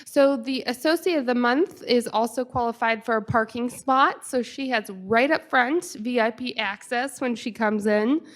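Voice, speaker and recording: A woman's voice: fairly high pitch, normal speed, hardly any pauses. A woman giving upbeat, chatty staff announcements at a community town hall meeting. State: out of breath.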